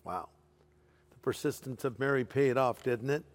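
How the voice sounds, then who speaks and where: A man preaching a sermon as pastor, animated and playful with humorous asides. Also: mid-range voice, normal speed. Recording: long reverb of a large hall.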